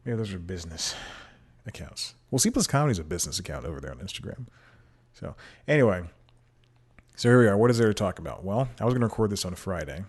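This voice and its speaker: Rambling, low-voiced man hosting a podcast. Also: sing-song, fast, husky. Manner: rambling, self-deprecating, laughs often. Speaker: podcast host. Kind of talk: casual solo podcast monologue. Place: home room with TV playing. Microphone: desk microphone.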